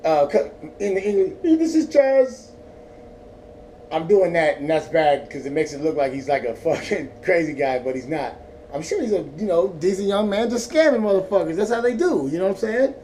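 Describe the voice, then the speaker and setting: Animated and fairly quick, a man with a slightly high, somewhat mellow voice rambles through a profane story in his laid-back vlog. He's stoned and from Northern California's Central Valley, recorded on a distant mic with faint noise behind him.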